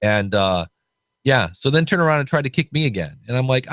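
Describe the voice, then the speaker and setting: A man's voice: medium pitch, very animated, brisk, a bit bright, no echo. A man hosting a podcast, chatting casually and telling stories with quoted voices. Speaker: podcast host.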